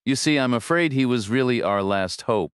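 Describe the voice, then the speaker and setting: A man voicing a frail old woman who speaks hesitantly, wavering, low and resigned. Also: animated, normal speed, smooth, dry recording, studio quality, lightly acted.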